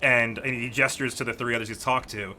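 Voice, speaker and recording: A male game master narrating a tabletop session with a very bright, cutting tone. He laughs often and trips over his own restarts as he describes what happens, over a faint hum of room noise. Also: mid-range voice, steady tone, fairly quick.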